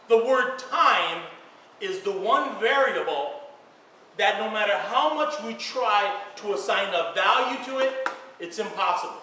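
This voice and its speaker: A man giving an energetic conference talk to an audience, stressing key words and repeating phrases for effect. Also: sits high, distant mic. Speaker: speaker at a social media event. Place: event hall with an audience. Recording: echoey room picked up from afar.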